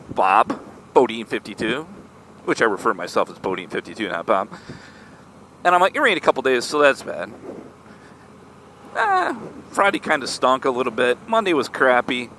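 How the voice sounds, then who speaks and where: An animated man tells a story in a bright, lively voice that swings up and down as he talks. He is chatty and keeps checking in with his listener. Faint traffic noise hums in the background outdoors. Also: mid-range voice, moderate pace, long pauses. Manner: animated, chatty, lots of "right?" asides. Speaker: motorcycle vlogger. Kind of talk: casual storytelling vlog.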